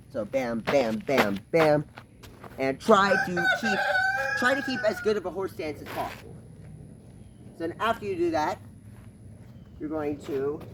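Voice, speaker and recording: A man teaching a karate form in a casual, halting way, full of fillers and punctuating each move with "bam" as he performs it outdoors. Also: on the high side, noisy background. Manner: talks while performing moves. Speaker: karate instructor. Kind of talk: casual demonstration lesson. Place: backyard, outdoors. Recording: distant outdoor recording with clucking chickens.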